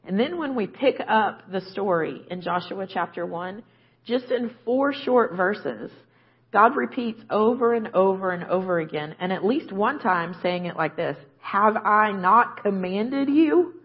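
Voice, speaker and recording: A woman's voice: mid-range voice, unhurried, husky, dull audio. A woman preaching a conversational sermon, often checking in with "right?". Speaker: guest preacher.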